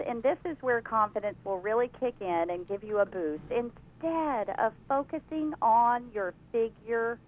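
Woman giving beauty tips over muffled line. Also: fairly high pitch. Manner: brisk, advice-giving. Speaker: beauty expert guest. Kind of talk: phone-in interview.

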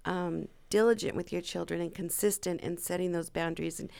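A woman panelist speaking in an interview in a measured way, pausing with "um". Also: on the low side, steady tone, vocal fry, darkish tone, clean tone. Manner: measured, hesitant with ums. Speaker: guest panelist. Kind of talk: interview chat.

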